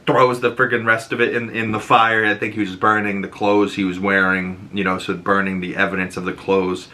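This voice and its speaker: A male podcast host giving a rambling, profane, excitable recap of a TV episode. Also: lowish voice, fairly quick. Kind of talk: casual episode recap and reaction.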